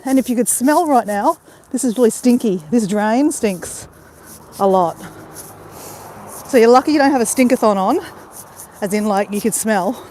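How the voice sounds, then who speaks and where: A woman's voice: a little high, normal speed, pauses often, a little mellow, slight background noise. A middle-aged Australian woman livestreaming from her phone as she walks a waterside path outdoors, chatting casually with viewers and greeting them by name. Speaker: vlogger livestreaming a walk. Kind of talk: casual live-stream chat. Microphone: phone held while walking.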